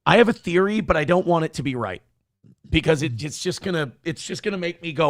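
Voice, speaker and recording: A man hosting a morning livestream show, reading donations in loud, crude, fast banter. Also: on the high side, expressive, no echo, clean studio sound.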